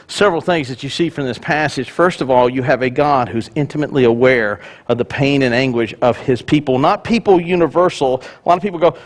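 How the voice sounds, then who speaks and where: A man's voice: mid-range voice, fairly quick, hardly any pauses. A male pastor giving a conversational sermon with joking asides.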